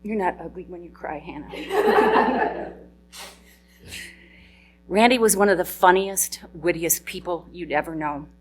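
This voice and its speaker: A woman's voice: on the low side, fairly even intonation, brisk, hardly any pauses. A middle-aged woman giving a eulogy for her husband, sharing fond, funny anecdotes and laughing through tears. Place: memorial service hall.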